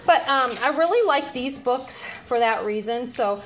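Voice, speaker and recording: High-voiced woman teacher, a bit breathless. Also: expressive, slight background noise. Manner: chatty, with frequent "um" pauses while handling letters. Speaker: teacher showing reading activities. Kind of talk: casual instructional demonstration.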